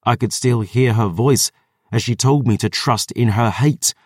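A man reading a dark fantasy audiobook in a measured, dramatic way, close to the mic. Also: medium pitch, dry recording. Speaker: audiobook narrator. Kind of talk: scripted narration.

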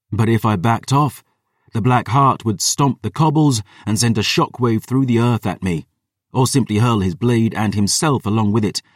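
A man's voice: on the low side, slightly rough, dry recording, clean studio sound, recorded from a distance. A man narrating a first-person fantasy audiobook in a dramatic, intense manner.

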